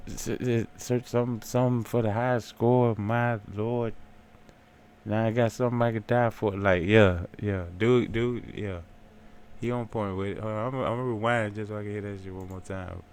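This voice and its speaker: Deep-voiced man reacting to rap. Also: fairly even intonation, normal speed, darkish tone, clear, resonant tone. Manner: loose, profane, talks over the track. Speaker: music reaction host. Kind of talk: casual reaction commentary. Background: faint hip hop track playing.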